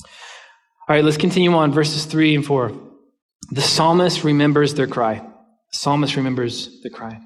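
A man's voice: on the high side, fairly even intonation, a little slow, pauses often, big-room sound. A man preaching a sermon as a pastor, telling a personal story and acting out the lines people said. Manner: storytelling, acts out quoted dialogue.

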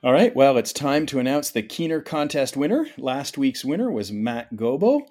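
A man's voice: mid-range voice, very animated, moderate pace, mellow, faint music behind. A middle-aged man from Canada hosting a medical podcast, chatty and enthusiastic, often restarting his sentences. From Ontario, Canada. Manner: chatty, enthusiastic, self-correcting. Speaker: podcast host. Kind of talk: casual medical podcast chat.

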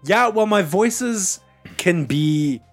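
A man from Canada co-hosting a podcast in casual chat, excitable, stammering and restarting. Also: high voice, very slow, faint music behind. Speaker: podcast co-host.

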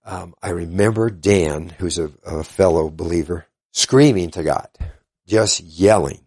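An older man, a guest in an interview, earnestly retelling events in a halting way and quoting what others said. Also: low voice, darkish tone, breathy edge. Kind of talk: casual storytelling interview.

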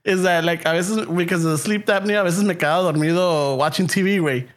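Male, high-voiced, casual storyteller in a podcast. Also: quick pace. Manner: profane, mixes English and Spanish, laughs through stories.

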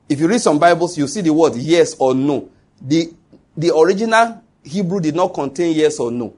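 Husky Nigerian man preaching. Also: on the high side, expressive, moderate pace. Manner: preaching emphatically, quizzing the congregation. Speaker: pastor. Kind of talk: sermon.

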